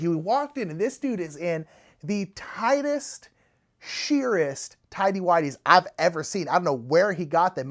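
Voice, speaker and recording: A man telling a funny travel story in a casual, animated way, laughing often. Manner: animated, laughing, big pitch swings. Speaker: storyteller, channel co-host.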